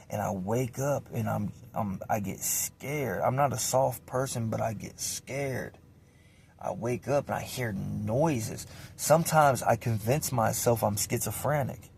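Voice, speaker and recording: Over slight background noise, a man with a medium-pitched, darkish voice and vocal fry pours out his personal story. He's emotional, swears constantly, and rambles, circling back to the same points again and again.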